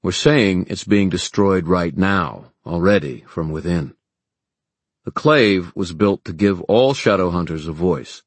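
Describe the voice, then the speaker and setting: A man's voice: low voice, lively intonation, measured pace, breathy edge, dry recording, heavily acted. A man voicing an earnest young leader. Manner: earnest, rhetorical.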